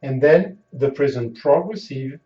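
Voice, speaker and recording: A man teaching a language lesson, patiently explaining and repeating example phrases slowly. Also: mid-range voice. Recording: echoey room, dull sound, mic at a distance.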